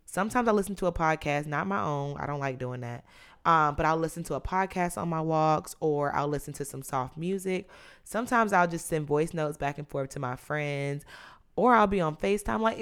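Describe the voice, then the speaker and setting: A woman in her mid-twenties talks through her week on her own podcast. Her voice sits low, and she is chatty and candid, leaning on words and stretching them out for emphasis. It sounds close to the microphone. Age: 20s. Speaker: podcast host. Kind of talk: casual solo podcast chat.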